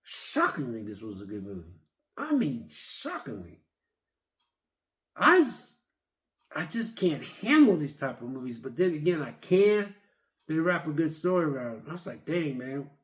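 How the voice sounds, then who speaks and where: A man's voice: on the high side, big pitch swings, moderate pace. A man giving a casual, rambling movie review, retelling scenes with lots of repeats and fillers.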